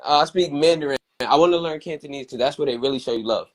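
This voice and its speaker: A man's voice: medium pitch, fast, no echo. A man chatting casually on a live stream, playful and boastful about his knack for impressions.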